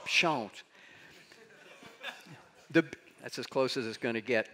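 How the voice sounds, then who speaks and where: An older man giving a conference keynote, telling stories and acting out quotes with big swings in his voice. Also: fairly quick. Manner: animated storyteller, acts out quotes with big jumps in pitch. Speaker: conference speaker. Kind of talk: keynote talk on leading change. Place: conference stage in a large hall.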